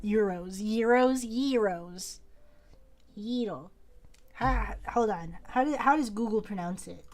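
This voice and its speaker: A woman's voice: medium pitch, takes it slowly, a little mellow, faint music behind. A young woman streaming from home, chatting casually and rambling as she draws, often laughing and repeating words. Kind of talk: casual chat while drawing on stream.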